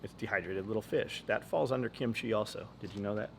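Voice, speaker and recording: A man's voice: on the low side, quick pace, vocal fry. Guy hosting a podcast, cursing a lot, rambly and blunt, bit of hiss behind. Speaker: podcast host. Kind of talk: casual podcast chat.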